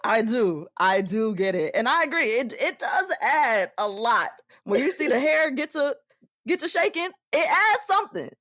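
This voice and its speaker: Woman podcast host, playful and lively, laughs often, casual chat. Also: fairly high pitch, moderate pace.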